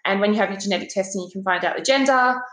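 A young pregnant woman from Australia, casually telling a story and swearing, acting out quoted voices with big jumps in pitch. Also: very fast, a bit bright. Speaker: guest telling a personal story. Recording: roomy echo.

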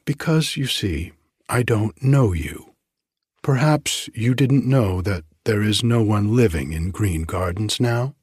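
A man voicing a spirited seventeen-year-old girl in an audiobook, speaking gravely and a little stately. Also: on the low side, lively intonation, slow pace, a little mellow, no room sound, studio quality, heavily acted.

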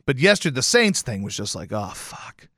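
Profane, animated sports-talk man. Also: mid-range voice, quick pace, dry recording, studio quality. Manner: profane, animated storytelling with loud outbursts. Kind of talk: casual sports rant.

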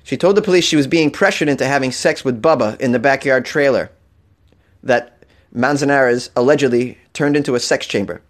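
A man's voice: medium pitch, brisk. A man hosting a comedic weird-news show, reading stories and riffing with laughing asides and mock outrage.

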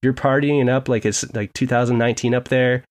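Young man, casual podcast co-host, rambling and joking, middle pitch. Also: a little fast. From Seattle area. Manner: rambling, joking, animated storytelling.

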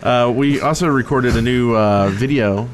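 A man's voice: mid-range voice, normal speed, a little hiss or hum. Joking male podcast co-host. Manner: joking, teasing. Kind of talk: casual chat.

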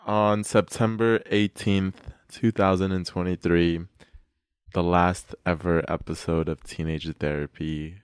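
A young man hosting a casual podcast, expressive and rambling, laughing often. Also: low voice, clear, resonant tone, dry recording, studio quality. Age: young adult. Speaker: podcast host.

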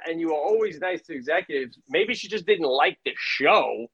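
Comedian guy ranting fast, kinda high voice, swings up and down a lot. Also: animated, fairly bright tone, breathy edge, no echo, highs cut off. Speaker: comedian guest. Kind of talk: casual chat.

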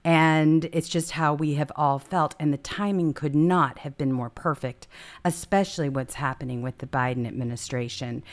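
A woman's voice: sits low, moderate pace. A middle-aged woman hosting a talk show, speaking emphatically and with feeling in short repeated phrases. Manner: emphatic, emotional, repetitive phrasing. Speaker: host. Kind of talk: casual talk show chat.

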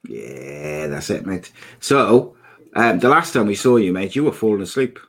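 A man's voice: on the low side, sing-song, normal speed. A young man hosting a casual live podcast, upbeat and chatty as he reads out viewer comments. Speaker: podcast host.

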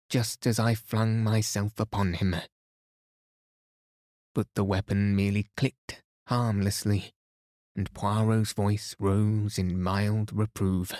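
A man reading a bedtime story aloud in a calm, measured narration. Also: fairly low pitch, dry recording, studio quality.

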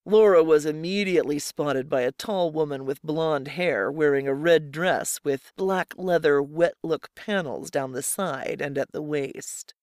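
A narrator reading a first-person story in a steady, measured way. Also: medium pitch, dry recording, studio quality. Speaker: audiobook narrator.

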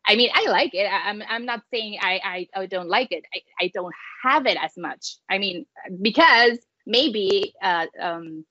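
A woman's voice: medium pitch, expressive, measured pace, hardly any pauses, pushed and bright, dry recording, dull audio. A Spanish-speaking woman from Mexico, a mother, chatting as an interview guest with a light Mexican accent, many fillers and restarts. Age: adult with children. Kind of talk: casual interview chat.

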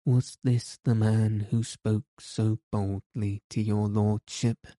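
A courteous outlaw chief speaks with grave, gently mocking politeness, read by a man. His voice is very dark and very slow, with little rise and fall, recorded dry. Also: lowish voice, flat delivery, no room sound. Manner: mock-solemn, courteous. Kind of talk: audiobook character reading.

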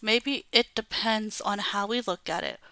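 A thoughtful young male comic hero who muses earnestly about life, as a woman voices him. His voice is bright and smooth, with a slow, careful pace and a dry, close sound. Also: medium pitch, no room sound. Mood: pondering. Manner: earnest, pondering.

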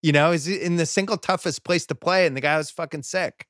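A man's voice: on the high side, brisk, fairly bright tone, no room sound, clean studio sound. A man guesting on a sports podcast, talking conversationally with emphatic asides. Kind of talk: casual sports chat.

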